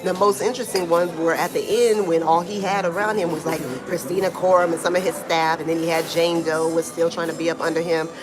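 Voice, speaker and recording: A woman giving casual live-stream commentary from home in Brazil, talking in a slangy, animated way and answering chat comments, with a small clip-on mic. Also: lowish voice, fast, few pauses. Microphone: small clip-on microphone being tested. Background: Brazilian music playing.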